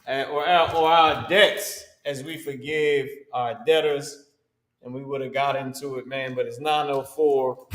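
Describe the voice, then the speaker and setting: A man's voice: a little high, very echoey, recorded from a distance, low-quality recording. A man teaching a religious language class, talking casually with slang and frequent restarts.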